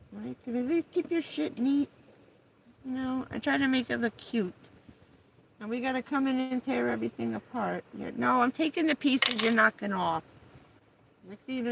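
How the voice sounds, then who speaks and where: A woman's voice: fairly high pitch, creaky, fairly bright tone, slight background noise, poor audio. A middle-aged woman chatting casually on a live stream, talking to her dog in a coaxing raised voice and telling stories. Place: parked vehicle on a rainy day.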